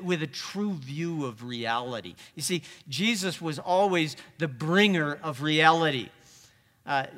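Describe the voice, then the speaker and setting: A man preaching a sermon, conversational, moving from hushed lines to emphatic ones. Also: fairly high pitch, in a large hall.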